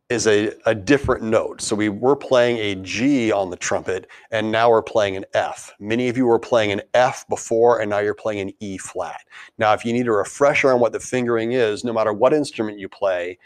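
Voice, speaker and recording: A man's voice: on the low side, dry recording. Man teaching an online band lesson. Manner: counts and chants rhythm syllables aloud. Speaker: music teacher.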